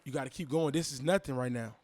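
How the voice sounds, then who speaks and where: A man in his thirties, a podcast guest, telling a personal story in a casual, animated way and acting out the voices he quotes. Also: mid-range voice, fast. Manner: animated, acts out quoted voices, repeats phrases.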